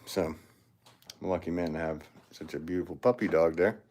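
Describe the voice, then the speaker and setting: A man's voice: low-pitched, brisk, darkish tone, slight background noise. A man, a potter, chatting casually on a livestream and greeting viewers by name in a rambling, easygoing way.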